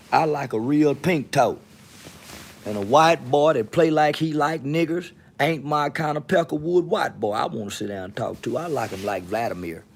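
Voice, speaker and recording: A Texas man with a Southern accent hosts his podcast solo, delivering a profane, swaggering, mocking rant to camera. His voice sits in the mid range and has a creaky quality.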